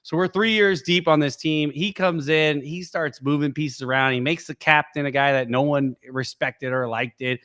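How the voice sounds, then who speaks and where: Middle-aged man, sports podcast co-host, animated storyteller, fairly high voice. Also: moderate pace, few pauses. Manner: animated storyteller, acts out quotes in a raised voice. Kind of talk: casual sports podcast chat.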